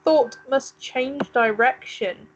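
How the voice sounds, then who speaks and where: A woman's voice: sits high, slow, highs cut off. Chatty woman playing a video game. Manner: chatty, muses aloud while reading game text. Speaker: let's play co-host. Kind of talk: casual gaming commentary.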